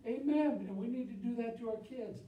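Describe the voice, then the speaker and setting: A man preaching a sermon in a church, impassioned, swinging from loud emphatic peaks to low confiding asides. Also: steady tone, fast, echoey room, distant mic, muffled recording. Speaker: pastor. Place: church sanctuary.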